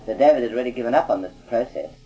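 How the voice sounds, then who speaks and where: A man with a warm, mellow voice tells long, meandering stories in an easy conversational tone. He keeps tossing in "you see" and "you know" as he goes. Soft music plays faintly behind him. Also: medium pitch, racing, rough recording. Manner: conversational, rambling, frequent "you see" asides. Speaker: auditor recounting experiences. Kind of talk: anecdotal recorded talk.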